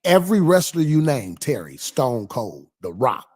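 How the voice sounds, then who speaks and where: Husky-voiced pastor chatting on a livestream. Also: male voice, medium pitch, a little slow. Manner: animated, repeats himself, reads viewer comments aloud. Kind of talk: casual livestream chat.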